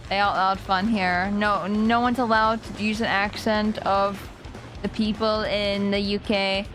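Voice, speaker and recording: A woman's voice: medium pitch, flat delivery, measured pace, a bit bright. A woman streaming a video game, chatting playfully and often laughing. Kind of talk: casual live gameplay chat. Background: faint game music.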